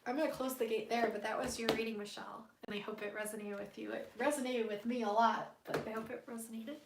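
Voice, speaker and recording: A playful woman with a high voice chats casually on a live stream, giggling and humming silly tunes between tarot readings. Her nose sounds stuffy. The sound is roomy and echoey. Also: fairly even intonation, fast, vocal fry, background noise. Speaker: tarot card reader.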